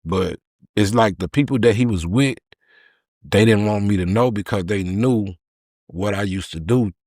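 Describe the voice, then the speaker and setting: A man's voice: on the low side, normal speed, no echo, clean studio sound. A middle-aged man, telling his story in an interview and acting out the voices of people in it. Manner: animated retelling, acts out quoted voices. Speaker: podcast guest.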